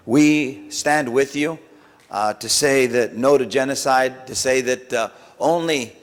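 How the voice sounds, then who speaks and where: A man on a city council giving a solemn, deliberate speech with many pauses, in a large council chamber. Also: mid-range voice. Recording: long reverb of a council chamber.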